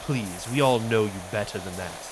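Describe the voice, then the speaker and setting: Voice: medium pitch, normal speed, voice pushed down, lightly acted. A streamer voicing a pompous aristocratic vampire dandy. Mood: haughty. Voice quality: haughty, drawling, says darling. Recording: hissy stream audio, spray noise.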